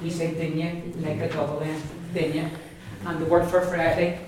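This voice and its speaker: Donegal-accented language teacher, repetitive and patient, distant mic in a boomy classroom with noise. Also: level tone, moderate pace. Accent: Donegal Irish. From Donegal, Ireland. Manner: patient and repetitive, says each word several times, with asides and small laughs. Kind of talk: pronunciation class, teacher models words for the class to repeat. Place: large echoey classroom with a group of learners. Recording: echoey room, distant mic, background noise.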